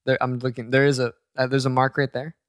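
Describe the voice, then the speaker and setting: A man's voice: medium pitch, level tone, fast, no echo, clean studio sound. An American man co-hosting a podcast, chatting about pop culture in a laid-back, wry way. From United States. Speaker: podcast co-host. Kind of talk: casual chat.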